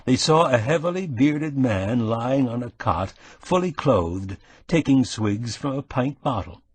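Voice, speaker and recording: Husky male audiobook narrator. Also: mid-range voice, animated, measured pace, dry recording.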